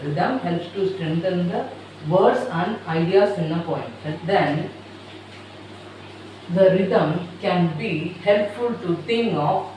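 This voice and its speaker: A teacher lectures at a slow, deliberate pace and repeats each sentence so students can write it down. The voice sits at a middle pitch and sounds distant. The recording is very echoey, with a faint hiss underneath. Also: a little mellow. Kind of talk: classroom lecture dictating notes. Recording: very echoey room, voice far from mic, faint noise.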